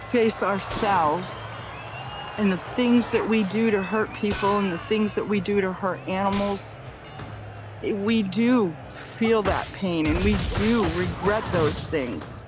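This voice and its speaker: A woman's voice: mid-range voice, slow. Earnest middle-aged woman over background music. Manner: earnest, run-on storytelling with many repeated phrases. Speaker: near-death experience storyteller. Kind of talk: personal testimony. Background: clear background music.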